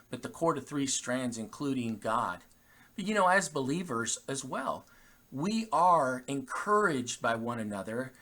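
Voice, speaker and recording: Man, pastor, casual devotional talk, bright tone, slightly high. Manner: casual, friendly, frequent restarts and fillers. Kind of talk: short devotional message.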